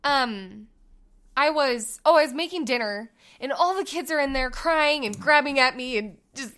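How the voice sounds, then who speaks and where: A woman in her thirties, a mother chatting casually with her husband, telling stories in an animated way and acting out quotes. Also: sits high, moderate pace. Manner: animated storyteller who acts out quotes and laughs often. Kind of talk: casual chat.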